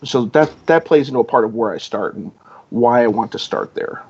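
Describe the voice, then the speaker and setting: A man's voice: mid-range voice, fairly quick, darkish tone, breathy edge. A man chatting as a podcast guest, rambling and filling his talk with "you know", acting out quoted dialogue. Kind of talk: casual podcast chat. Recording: dull lo-fi audio.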